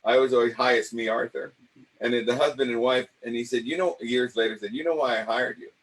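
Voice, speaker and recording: An older acting coach with an ordinary middle-pitched voice tells stories from his own life in an animated, theatrical way, slipping into the voices of the people he remembers. He talks quickly, and the recording is rough.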